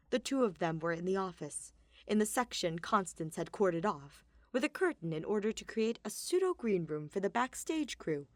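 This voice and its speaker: Woman podfic reader, lively intonation, mid pitch, dry close recording. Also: moderate pace, no room sound. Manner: expressive storytelling. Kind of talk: scripted narration.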